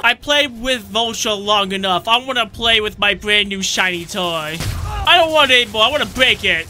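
A man giving gameplay commentary, excitable and shouting jokes at the enemies. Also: sits high, moderate pace, slight background noise. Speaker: let's play gamer. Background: game music.

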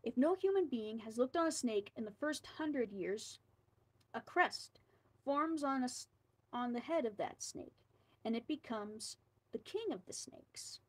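A woman with a fairly high voice reads a scary tale aloud. She tells it like a storybook and drops in quiet asides of her own. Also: animated, unhurried, low-quality recording.

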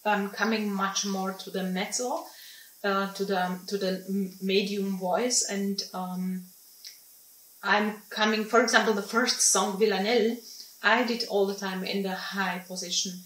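A woman, a singing teacher, explaining in halting, phrasing with many pauses and restarts. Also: mid-range voice, fairly even intonation, fairly bright tone. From Slovakia. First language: Slovak. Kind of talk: informal teaching talk. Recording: roomy sound from a distant mic.

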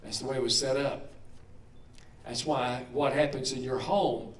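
A man's voice: mid-range voice, steady tone, unhurried, reverberant, far from the mic. A man preaching a sermon in a conversational way, putting questions to the congregation. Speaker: pastor.

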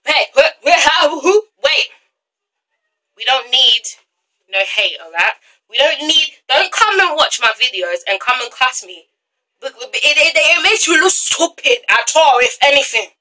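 A teenage girl vents in an exasperated vlog rant, stammering through restarts as she gets heated. Her voice sits high and sounds bright and sharp. She records on a phone held out at arm's length. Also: very animated, a little slow, poor audio. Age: teens. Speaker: vlogger. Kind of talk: ranting vlog.

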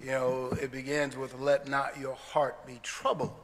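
A man preaching a sermon as a church elder, slow and deliberate, quoting scripture. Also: medium pitch, flat delivery. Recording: long church hall reverb.

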